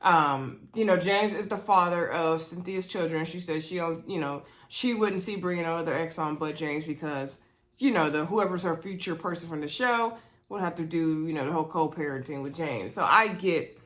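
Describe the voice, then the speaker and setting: A woman casually recapping a reality dating show, chatty and animated, quoting the cast and talking straight to her viewers. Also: low voice, normal speed. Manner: chatty, animated, retelling scenes with quoted voices; addresses viewers directly. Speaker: reality TV reviewer.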